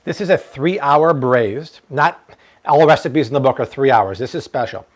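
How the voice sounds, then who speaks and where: A man in his thirties hosting a live-stream cooking demo, chatty and energetic, now and then slipping into playful broken Spanish. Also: mid-range voice, normal speed. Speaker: cooking show host.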